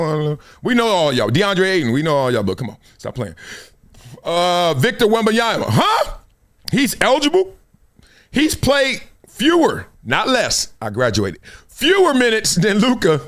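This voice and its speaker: A middle-aged man hosting a casual live-stream sports talk show, animated and laughing, jumping up to high exclamations. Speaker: show host.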